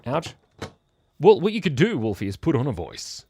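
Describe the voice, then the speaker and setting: A man's voice: medium pitch, wildly swooping pitch, normal speed, mellow, breathy edge. A man hosting a live drawing stream, chatting playfully and gushing with praise as he draws. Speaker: drawing livestream host.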